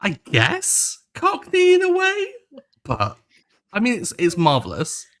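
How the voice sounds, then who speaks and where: Lively, bright-voiced co-host from London. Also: medium pitch, takes it slowly. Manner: playfully critical, laughing. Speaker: podcast co-host. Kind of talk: casual podcast chat.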